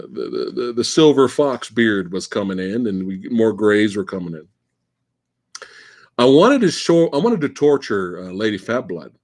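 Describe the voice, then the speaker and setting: A man in his forties hosting a live Q&A stream, talking in a rambling, profane way and repeating words as he restarts his sentences. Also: mid-range voice. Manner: animated, profane, stammering restarts. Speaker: livestream host. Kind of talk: live Q&A chat.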